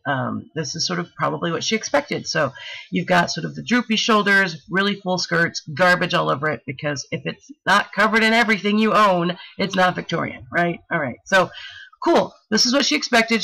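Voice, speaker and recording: A woman presenting a talk with slides, telling a story in a playful, animated way with slangy, jokey asides. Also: on the low side, creaky, husky, poor audio.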